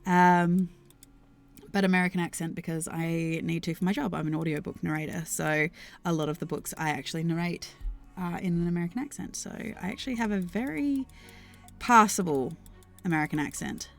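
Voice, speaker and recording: A woman's voice: fairly low pitch, normal speed, vocal fry. An Australian woman chatting casually on a live stream, rambling thoughtfully with many ums and restarts as she answers chat. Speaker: streamer and worldbuilder. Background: faint background music.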